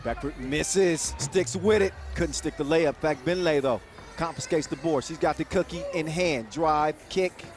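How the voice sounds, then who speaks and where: A man giving quick, energetic, joking play-by-play commentary at a live basketball event. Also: a little high. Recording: broadcast mix with loud crowd and music.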